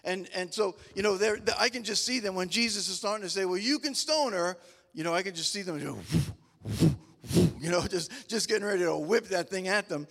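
Middle-aged male preacher, higher voice, loose storytelling with restarts, echoing in a large hall. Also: fairly quick, gravelly, a bit bright. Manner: rambling, stop-start storytelling with frequent restarts; folksy and humorous. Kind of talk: casual conversational sermon. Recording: long reverb of a large hall.

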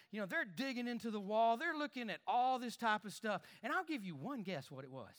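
A man preaching a sermon, animated, with repeated words, quiet asides and loud emphatic lines. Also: high voice. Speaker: pastor.

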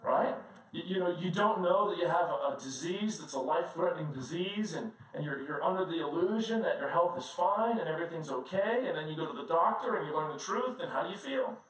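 A man preaching a sermon as a pastor, telling personal stories in a conversational, animated way and often laughing as he talks. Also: on the high side, a little fast. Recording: very echoey room, distant mic, faint noise.

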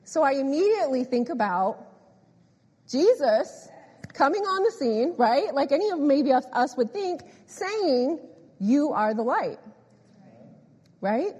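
A woman preaching a sermon, animated and emphatic, repeating phrases and often laughing. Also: high-pitched, unhurried. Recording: echoey hall with long reverb.

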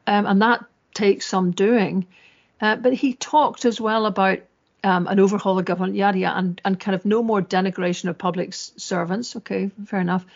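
A woman's voice: medium pitch, fairly even intonation, a little fast, creaky. Sardonic woman podcaster. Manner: chatty, sardonic, quoting with mock voices. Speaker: podcast host. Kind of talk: casual political chat. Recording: dull lo-fi audio.

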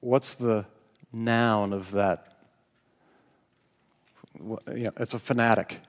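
A man's voice: on the low side, fairly even intonation, slow. A male pastor preaching a sermon, telling stories with self-deprecating humor and laughing now and then. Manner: storytelling, self-deprecating, laughs while speaking. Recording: long hall reverb.

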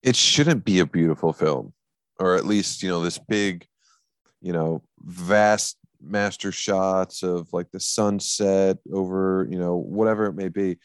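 Very deep-voiced laid-back man. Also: measured pace, smooth, no room sound. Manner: laid-back, blunt, swears casually. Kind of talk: casual film review chat.

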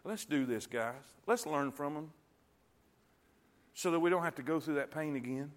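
A middle-aged man preaching a sermon in a folksy call-and-response way, with loud bursts when he quotes God. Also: a little high, moderate pace. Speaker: pastor. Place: church sanctuary.

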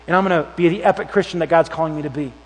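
A high-pitched male preacher gives a lively sermon, telling the story with plenty of acted-out voices and sudden bursts of volume. His voice rings through a large hall with a long, lingering reverb. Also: racing. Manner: animated storytelling, acts out voices with shouts and whispers. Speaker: youth pastor.

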